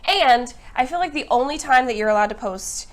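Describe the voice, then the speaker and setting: A woman's voice: sits high, animated, fairly quick. A young woman co-hosting a casual podcast chat, talking freely with lots of "like" and frequent giggles. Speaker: podcast co-host.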